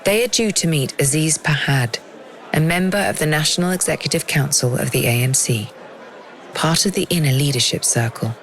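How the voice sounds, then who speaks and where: A woman giving scripted documentary narration in a measured, dramatic storytelling manner. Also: low voice.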